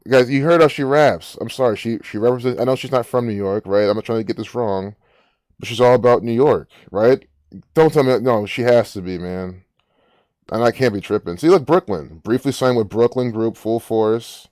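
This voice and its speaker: A man's voice: mid-range voice, moderate pace, darkish tone, no room sound, studio quality. A man hosting a casual commentary, rambling and musing aloud with frequent restarts. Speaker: gematria channel host.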